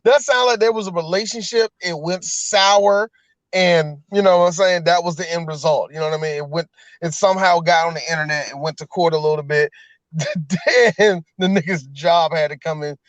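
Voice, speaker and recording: A man's voice: a little high, normal speed, no room sound. A man co-hosting a podcast in casual, profane banter, laughing often. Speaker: podcast co-host. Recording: dull, lo-fi dry audio.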